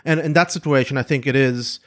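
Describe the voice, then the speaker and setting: A man's voice: medium pitch, fairly quick, a bit bright. A man co-hosting a podcast, talking casually and earnestly as he gives advice, with small restarts. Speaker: podcast co-host.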